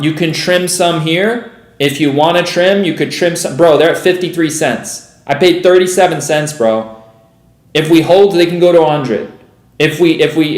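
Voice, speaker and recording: A young day trader streams live, commenting on his trades in a profane, exasperated rant and dropping "bro" and "dude" into every sentence. His voice runs on the high side and sounds reverberant.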